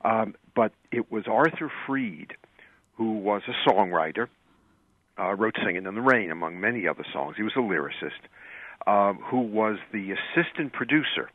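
A man's voice: fairly low pitch, lively intonation, normal speed, no room sound, phone-quality sound. An older man, a wry self-styled curmudgeon, telling show-business stories as a guest on a radio interview.

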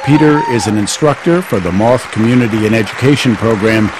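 A man reading a smooth, scripted radio introduction as announcer. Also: fairly low pitch, a little fast. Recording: music and crowd noise behind.

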